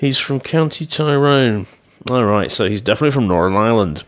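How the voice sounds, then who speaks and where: A male radio host chatting casually, wandering off on tangents and making self-deprecating jokes. His voice is mid-pitched and the sound is dry, close and without room echo. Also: animated, brisk. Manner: rambling, self-deprecating asides.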